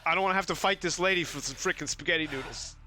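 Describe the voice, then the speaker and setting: A man with a fairly high, sharp voice talks very fast over slight background noise while streaming a game. Between plays he casually tells rambling, joking stories and acts out quips.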